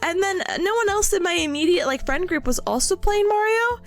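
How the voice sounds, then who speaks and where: A bright, high-voiced woman chatting casually on her live stream, giggling often and greeting viewers with bubbly warmth. Her pitch leaps around animatedly, with faint music behind her. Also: lively intonation, brisk.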